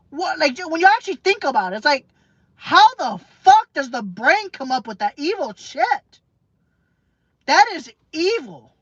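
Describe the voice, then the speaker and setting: Brief: woman vlogger, fairly high voice, heated repetitive rant, dry lo-fi recording. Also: fairly bright tone, dry recording. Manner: emphatic, repetitive, profane, halting with fillers. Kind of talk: emotional rant to camera. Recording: dull lo-fi dry sound.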